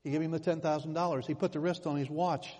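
A man preaching in a slightly high, husky voice that rises into emphatic swells as he tells his stories. The sound rings with the long reverb of a church hall. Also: steady tone, quick pace, a little mellow. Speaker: pastor. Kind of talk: sermon.

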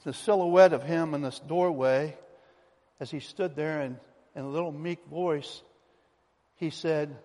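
Male pastor, sermon, emphatic folksy preacher, fairly high voice, long church-hall reverb. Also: fairly even intonation, measured pace, pauses often, darkish tone. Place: church sanctuary.

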